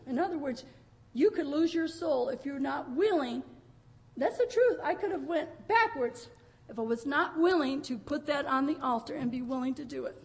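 An older woman preaching to her congregation in a very high voice. She speaks with deep emotion, her sermon often edging into tears and laughter as she tells stories. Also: normal speed, gravelly, darkish tone. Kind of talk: pentecostal sermon.

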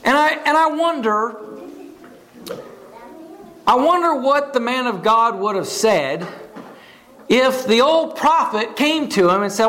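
A man preaches a sermon, retelling a story and stopping to ask his listeners questions. His voice sits very high, and he often repeats words as he goes. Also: lively intonation, a little slow, pauses often, a bit bright.

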